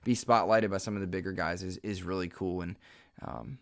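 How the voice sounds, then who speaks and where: A man with a fairly low voice hosts his own podcast alone, speaking in an earnest, heartfelt way and stumbling over fillers and restarts. He sounds slightly emotional. His voice comes through a close mic in a dry, dead room. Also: fairly even intonation, a little fast, no echo. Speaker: podcast host. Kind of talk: solo podcast monologue.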